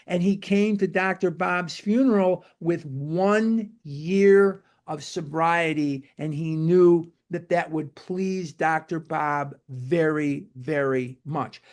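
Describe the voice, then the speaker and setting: Addressing a recovery-program book study group, a man speaks slowly with few pauses in a fairly high voice. His lecture is emphatic and repetitive, and he occasionally spells out words one letter at a time.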